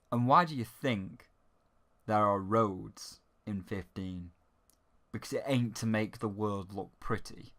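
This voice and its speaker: A man's voice: lowish voice, expressive, takes it slowly, fairly bright tone. A man ranting sarcastically and profanely in a game review.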